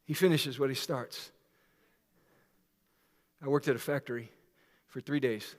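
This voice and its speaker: A man preaching a sermon as pastor, dropping to hushed, intimate lines and rising into loud, laughing storytelling. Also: mid-range voice, fairly even intonation, a little slow, big-room sound. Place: church sanctuary.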